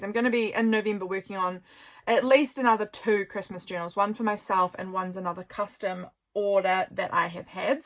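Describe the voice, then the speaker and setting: A woman, a journal maker, chatting casually while showing her work, gushing and a little tired. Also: medium pitch. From New Zealand. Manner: chatty, gushing, softly rambling. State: tired, yawning. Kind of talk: casual craft show-and-tell.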